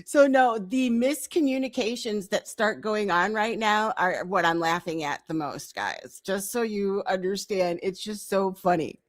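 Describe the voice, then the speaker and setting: A woman hosts a casual commentary stream and reads chat screenshots aloud with amusement. Her voice sits at an average pitch. The sound is dry and close, with no room echo. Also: measured pace, few pauses. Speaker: commentary channel host.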